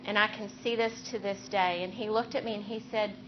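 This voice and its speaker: In a faculty lecture, a woman who is a neurosurgeon and clinical teacher explains things earnestly and steadily, drawing on her own anecdotes. Her mid-pitched voice moves a little fast, and the somewhat dull recording has faint background noise.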